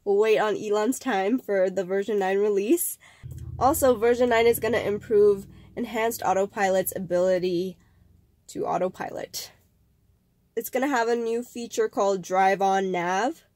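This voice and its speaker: A young woman hosts a casual vlog, chatting to camera in a rambling way full of fillers and restarts. Her mid-range voice is slightly nasal as she gets over a cold, with a darkish tone at normal speed. There's no echo.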